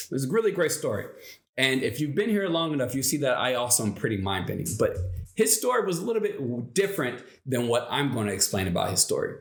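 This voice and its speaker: A man's voice: mid-range voice, reverberant. A man hosting a motivational channel, telling a story in a casual, rambling way and acting out the lines he quotes.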